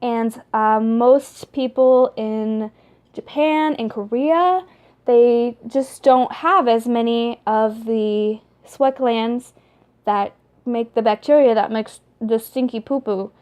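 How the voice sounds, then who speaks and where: A young woman vlogging to her camera, chatty and rambling with lots of fillers and restarts. Her voice sits a little high, and she talks with animated energy. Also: slow. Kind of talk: casual vlog talk to camera.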